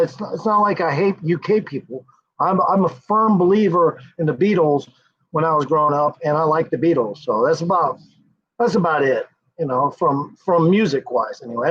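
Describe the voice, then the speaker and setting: American man, husky voice, highish pitch, rambling profane stream chat, dull lo-fi audio. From United States. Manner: rambling, profane, chuckling often. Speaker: livestream host. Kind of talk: casual livestream chat with viewers.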